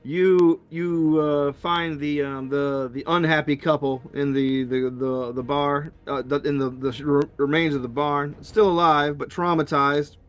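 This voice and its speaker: A man narrating a tabletop game as game master, halting, with many fillers and restarts. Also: on the high side, steady tone, clean tone, faint music behind.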